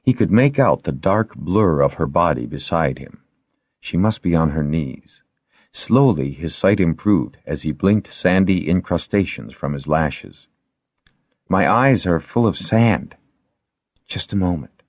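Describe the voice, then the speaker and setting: Low-voiced man narrating a novel, lively inflection, dry close sound. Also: moderate pace, no room sound. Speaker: audiobook narrator. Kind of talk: scripted narration.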